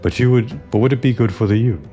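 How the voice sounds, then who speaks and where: A man's voice: mid-range voice, fast, dark tone, muffled recording, faint music behind, pitched above the performer's own voice, close to an everyday voice. A man reading out the lines of a proud, distrustful female tribal chieftain from a game, in a formal, solemn manner. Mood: stern. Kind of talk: reading game dialogue aloud.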